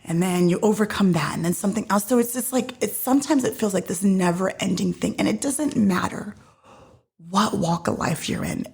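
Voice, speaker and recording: A woman's voice: on the low side, darkish tone, slightly rough. A woman hosting a podcast, casually retelling a faith story with many fillers and acted-out quotes. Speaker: podcast host.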